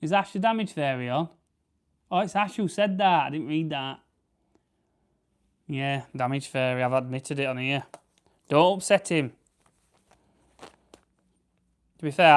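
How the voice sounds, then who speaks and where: A man's voice: medium pitch, normal speed, pauses often, clear, resonant tone. A young man with a South Yorkshire accent, chatting casually on a livestream and answering viewers while he plucks birds. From South Yorkshire, England. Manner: chatty, rambling, reads out viewer comments. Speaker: livestream host. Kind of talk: casual live-stream chat while plucking grouse.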